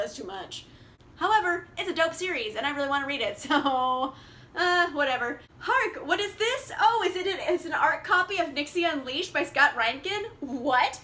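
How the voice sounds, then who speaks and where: A woman's voice: high-pitched, bright, forceful tone, a little hiss or hum. A young woman chatting casually about her reading plans, bubbly, laughing often and saying like a lot. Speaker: book vlogger. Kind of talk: casual chat.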